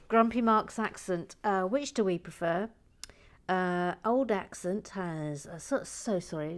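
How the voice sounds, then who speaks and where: A woman's voice: fairly low pitch, a little slow. A woman chatting casually to herself while building LEGO, wry and talkative as she reads out viewer comments.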